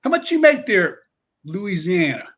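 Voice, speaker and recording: A man doing a high, breezy old football coach. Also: very animated, measured pace, dull audio, full character voice. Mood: breezy, chummy. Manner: high, bright and chummy. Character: excited older male head football coach, breezy and blunt.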